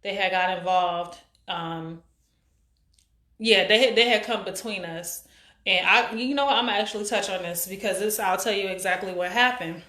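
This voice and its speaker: A woman's voice: medium pitch, bright, forceful tone. A woman of about forty hosting a live stream, chatting casually and rambling with lots of fillers as she greets viewers. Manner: rambling, halting, many fillers. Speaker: live-stream show host. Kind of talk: casual chat reading viewer comments. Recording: echoey room.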